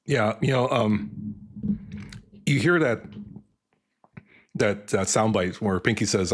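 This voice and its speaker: A middle-aged man hosting a live stream in casual chat, emotional and halting, often repeating words. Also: on the low side. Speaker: stream host.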